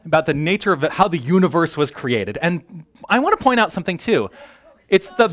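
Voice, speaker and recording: A man preaching a sermon as a minister, animated and joking with his congregation, tripping over his words when excited. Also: on the high side, brisk. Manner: animated, self-interrupting, jokes with the congregation. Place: church hall.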